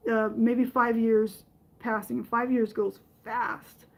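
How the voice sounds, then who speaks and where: A middle-aged woman hosting a podcast, telling a personal story in a halting way with many fillers and restarts. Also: fairly high pitch, flat delivery, gravelly, poor audio. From from another country. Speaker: podcast host.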